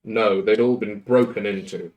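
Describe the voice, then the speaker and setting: A man serving as game master of a tabletop role-playing game, describing the scene and answering players' questions. He talks in a measured, deliberate way and uses plenty of fillers. His voice sits fairly low. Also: steady tone, highs cut off.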